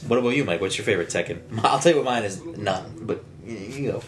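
A man's voice: fairly low pitch, lively intonation, fast. A man co-hosting a casual podcast, joking, laughing often and swearing. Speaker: podcast co-host.

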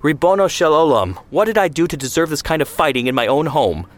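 A man's voice: mid-range voice, lively intonation, normal speed, voice pushed up, lightly acted. A man voicing an anxious, fretful mother. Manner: fretful, pleading.

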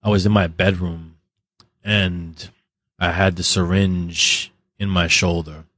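Deep-voiced blunt man telling candid stories. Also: little pitch movement, takes it slowly, fairly bright tone, dry recording, clean studio sound. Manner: blunt, heavily profane, vivid storytelling. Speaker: podcast guest. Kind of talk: candid interview storytelling.

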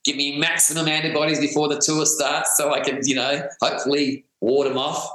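A man, a guest musician talking in a relaxed way with many fillers. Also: on the high side, a little fast, heavy reverb, rough recording. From Australia. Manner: relaxed, many "you know"s. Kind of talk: remote interview chat.

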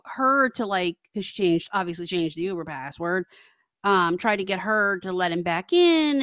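A woman's voice: on the high side, a bit bright, smooth, no room sound, clean studio sound. A young adult woman co-hosting a podcast, telling a story in casual chat and acting out both sides of phone calls. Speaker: podcast co-host.

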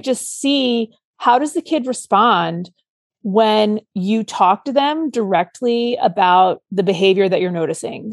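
A woman's voice: medium pitch, dry recording. A woman co-hosting a podcast, talking casually and earnestly about parenting, walking through examples step by step. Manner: earnest, explains with examples, acts out a child's outburst. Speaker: podcast co-host. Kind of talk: casual advice chat.

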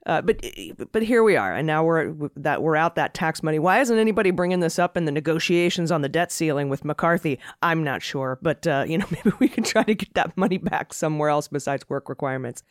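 Woman host for casual political talk, sardonic edge, smooth clean tone, close and dry. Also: deep voice, lively intonation, a little fast, hardly any pauses, no room sound. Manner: wry, sardonic, frequent fillers and laughs. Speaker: podcast host. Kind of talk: casual political podcast chat.

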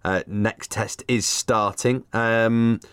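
A man's voice: fairly low pitch, steady tone, slow, fairly bright tone, clear, resonant tone, no room sound, studio quality. A man hosting a podcast, chatting casually about cricket and laughing easily. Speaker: podcast host.

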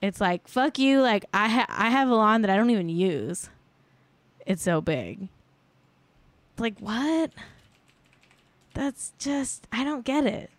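A woman's voice: fairly high pitch, sing-song, slow, pauses often, no room sound. A woman hosting a podcast in casual chat, sarcastic and blunt, swearing freely and filling her talk with "like". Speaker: podcast host.

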